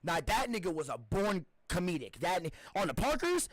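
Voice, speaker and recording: A young man hosting a casual chat show, loud and profane, cutting in often. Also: sits high, sing-song, moderate pace, no room sound. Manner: loud, profane, interrupts, laughs. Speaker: podcast host.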